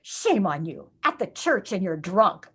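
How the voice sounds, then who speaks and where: A woman's voice: mid-range voice, very animated, unhurried, a bit bright, breathy edge, pitched below the performer's own voice, exaggerated voice. A woman doing a stern old priest. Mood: scolding.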